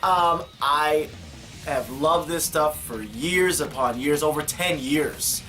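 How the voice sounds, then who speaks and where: A man's voice: a little high, takes it slowly, bright, forceful tone, faint music behind. A man vlogging in a casual monologue to camera, talking in an enthusiastic, playful way.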